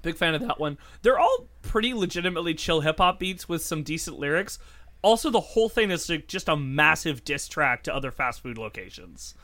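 A man's voice: fairly high pitch, a little fast. A man co-hosting a podcast, chatting casually and telling stories with lots of laughing, restarts and swearing. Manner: animated, laughing storyteller with frequent restarts and swearing. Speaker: podcast co-host. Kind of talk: casual chat.

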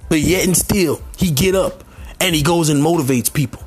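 A man giving a motivational sermon, repeating short phrases and rising to near shouts, with faint music underneath. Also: fairly high pitch, normal speed, slightly rough. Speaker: motivational speaker.

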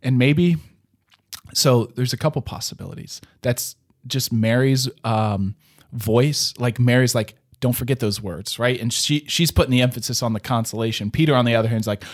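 A man's voice: mid-range voice, normal speed. A man co-hosting a conversation on scripture, talking in a rambling way, restarting his sentences and tagging many of them with "right?". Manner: rambling, self-interrupting, frequent "right?". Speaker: podcast co-host. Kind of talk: casual conversational discussion of scripture.

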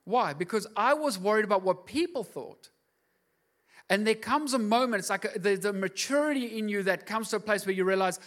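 Male pastor, middle-aged, high-pitched, impassioned preaching that swells to emphatic peaks. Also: fairly quick, fairly bright tone. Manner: passionate, rising to emphatic outbursts. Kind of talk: sermon.

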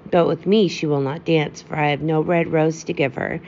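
A woman's voice: low voice, fairly even intonation, moderate pace, a little mellow. A woman reading as a lovesick young student. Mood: mournful. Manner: mournful, self-pitying lament. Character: lovesick young male student, mournful and self-pitying. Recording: dull lo-fi with faint hiss.

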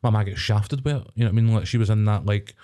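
A man's voice: on the low side, fairly even intonation, quick pace, mellow. A young Scottish man co-hosting a podcast in casual, sweary, rambling chat. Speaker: podcast co-host.

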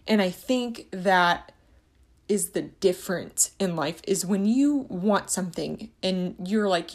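A woman's voice: lowish voice, slow. A woman hosting a casual faith-and-money monologue, talking in an earnest, rambling, passionate way.

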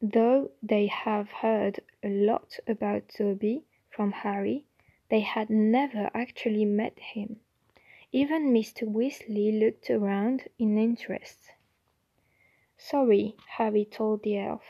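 A woman doing an amateur storybook reading, halting at times and correcting her own slips. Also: medium pitch, steady tone, husky, no echo, lo-fi sound. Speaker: audiobook reader.

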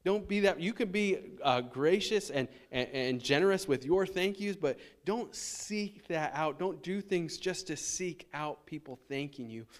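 Man, thirties, pastor giving a relaxed, chatty sermon in church, slightly higher voice. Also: measured pace, few pauses. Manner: conversational preaching with frequent restarts and fillers. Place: church sanctuary.

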